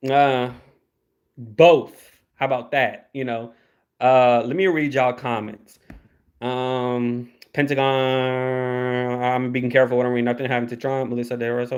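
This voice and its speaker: A man's voice: mid-range voice, level tone, a little slow. Rambling young man on a livestream. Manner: rambling, repeats words, swears freely. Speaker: YouTube commentator. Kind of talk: casual livestream commentary.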